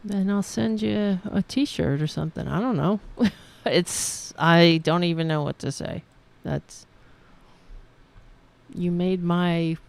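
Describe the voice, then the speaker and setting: Woman host rambling on a live stream, slow and kinda low, stops and restarts a lot. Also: vocal fry, a little mellow. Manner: rambling, halting, laughs often, talks to her cats. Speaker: podcast host reading viewer comments. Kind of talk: casual live-stream chat.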